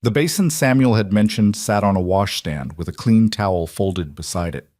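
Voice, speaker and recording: A man narrating a frontier storybook, slow, solemn and measured. His voice sits low. The recording is close and dry. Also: animated, darkish tone, no echo.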